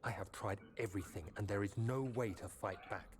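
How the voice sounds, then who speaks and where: A man's voice: on the low side, brisk, background noise, natural voice. A man voicing a haunted young man in a game, speaking a grave, urgent message to himself. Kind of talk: game voice-over. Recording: music playing under the voice.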